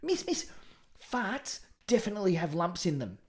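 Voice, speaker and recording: A man's voice: high voice, sing-song, normal speed, voice pushed up. A man voicing a cheeky little schoolboy who eagerly pleads to answer in class. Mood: pleading.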